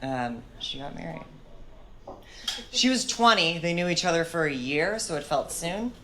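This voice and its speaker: A woman's voice: on the low side, lively intonation, moderate pace, a bit bright, slight background noise. A woman comedian performing a live stand-up set with a dry, self-mocking delivery. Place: comedy club stage with audience. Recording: live set with audience laughter.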